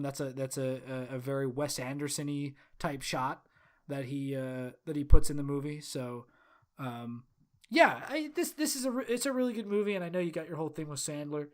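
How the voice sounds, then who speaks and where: Man, slightly higher voice, rambling podcast co-host talking movies. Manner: rambling, many fillers and restarts. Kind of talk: casual podcast chat.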